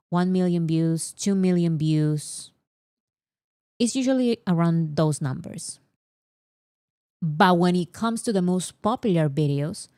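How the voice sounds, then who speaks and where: A woman vlogger giving casual, exasperated commentary to her viewers, repeating herself for emphasis and then talking herself calm. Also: dry recording, clean studio sound. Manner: talks herself calm with deep breaths.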